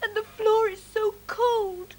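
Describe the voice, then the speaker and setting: A woman voicing a weepy, lost young monster kitten in a storybook reading, sobbing her lines out slowly. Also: very high-pitched, steady tone, voice pushed up, low-quality recording. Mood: weary. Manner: sobbing, slow and drawn out.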